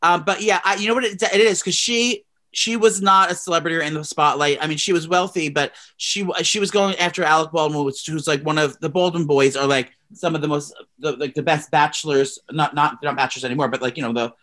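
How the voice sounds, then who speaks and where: A podcast co-host gossiping casually, animated and profane, with sudden jumps up in pitch. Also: fairly quick, few pauses, no echo, studio quality.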